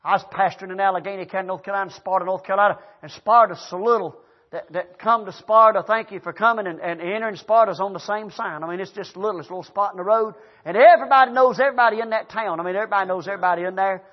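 An older man with a Southern American accent preaching a folksy storytelling sermon, swinging between loud preaching and quiet asides. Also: high-pitched, racing. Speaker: pastor. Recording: dull lo-fi recording.

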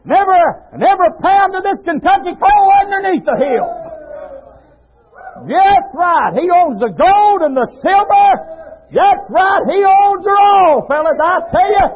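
A man preaches at a very high pitch, his voice climbing into fervent, ringing shouts. The sound is muffled and lo-fi, like an old church tape. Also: expressive, unhurried. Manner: shouting, crying-out preaching cadence. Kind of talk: sermon. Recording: dull lo-fi sermon recording.

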